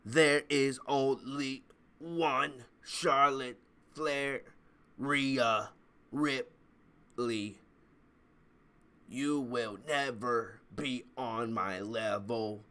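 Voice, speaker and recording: A man putting on a slow, mechanical robot voice to mock a female wrestler. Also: mid-range voice, fairly bright tone, smooth. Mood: cold boastful.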